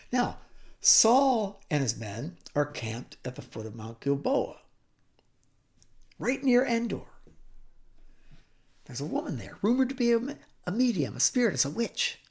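A man teaching a scripture story dramatically, shifting between loud emphasis and hushed whispers. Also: on the high side. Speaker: Bible teacher.

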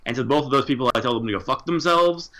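Bright-voiced man, sweary and enthusiastic. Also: medium pitch, fast talker. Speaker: podcast co-host. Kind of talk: casual chat.

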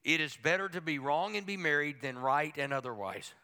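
A man's voice: on the high side, expressive, brisk, pushed and bright, clean tone. A middle-aged man, a pastor, preaching a folksy and humorous sermon with playful asides to the congregation.

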